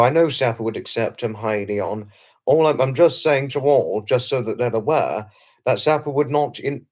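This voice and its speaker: A man's voice: medium pitch, darkish tone. A man hosting a casual live stream, reading out viewer comments and answering them in a chatty, polite way, repeating his thanks and greetings. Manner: chatty, repeats phrases, lots of thanks and hellos to viewers, chuckles often; polite, slightly formal wording with restarts. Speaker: livestream host.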